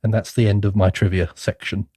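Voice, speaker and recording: A man's voice: on the low side, little pitch movement, a little fast, warm tone, slightly rough, no room sound. A man co-hosting a podcast, chatting in a dry, matter-of-fact way about films. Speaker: podcast co-host. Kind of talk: casual film chat.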